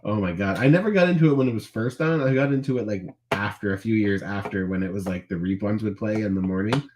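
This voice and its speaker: A man co-hosting a podcast, stuffed up and nasal from a cold. He talks in an easygoing, agreeable way. His voice sits fairly low. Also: quick pace, noisy background. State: congested with a cold. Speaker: podcast co-host. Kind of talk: casual chat.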